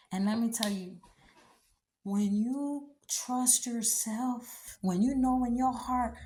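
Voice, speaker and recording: A woman's voice: on the high side, slow pace, warm tone. A woman talks straight to her listeners about trust and faith, blunt and preachy with slangy asides. Her colors every line. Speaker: speaker giving encouragement. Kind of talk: motivational faith talk.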